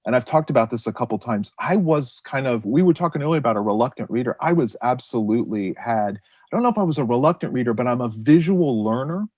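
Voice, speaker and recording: Middle-aged man, podcast guest, animated rambling storyteller, dry close recording. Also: medium pitch, quick pace, hardly any pauses, dry recording. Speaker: guest author and illustrator. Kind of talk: casual podcast chat.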